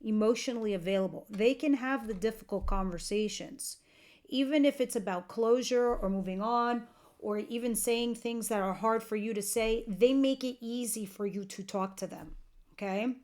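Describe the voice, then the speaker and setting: A woman's voice: on the high side, normal speed, darkish tone. A woman giving a tarot reading to camera, chatty and earnest, talking straight to her viewers, a bit tired and yawning. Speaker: tarot reader.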